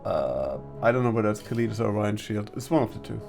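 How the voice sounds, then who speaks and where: A man's voice: fairly low pitch, lively intonation, quick pace, vocal fry, over music. A man playing in a tabletop game, explaining his ideas with many hesitations and restarts. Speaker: player. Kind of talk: casual tabletop game chat.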